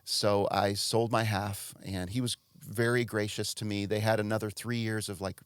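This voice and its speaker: A man guest on a podcast, telling his story in a reflective, measured way. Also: on the low side, little pitch movement, smooth, no echo, clean studio sound. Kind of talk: casual podcast chat.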